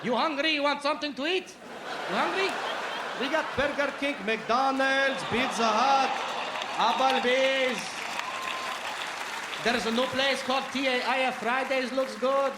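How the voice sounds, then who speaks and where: A man voicing his loud, boisterous adult Arab cousin in a stand-up bit, recorded at a live show. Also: very high voice, a little slow, reverberant, over a noisy crowd, heavy background noise, voice pushed up. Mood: fussing. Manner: rants then fusses hospitably.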